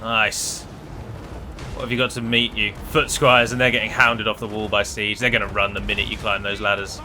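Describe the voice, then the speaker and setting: A man's voice: on the low side, level tone, normal speed, pushed and bright, faint music behind. A man giving casual live gameplay commentary, chatty and wry, talking to his units as he plays. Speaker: gaming video creator.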